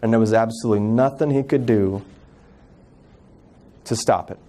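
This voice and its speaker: A man in his thirties giving an earnest personal storytelling talk as a guest speaker, acting out family members' words softly. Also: on the low side, normal speed. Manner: earnest, acts out quoted family voices softly.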